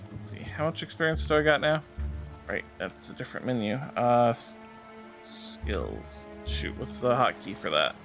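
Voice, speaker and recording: A man's voice: mid-range voice, fairly bright tone. A man streaming a video game, talking casually and explaining its mechanics with frequent fillers. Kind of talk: casual gameplay commentary.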